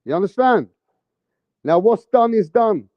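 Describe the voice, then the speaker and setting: A man's voice: sits high, animated, unhurried, dry recording, dull audio. A man giving casual vlog commentary on boxing, with a brash, profane, heated ranting manner.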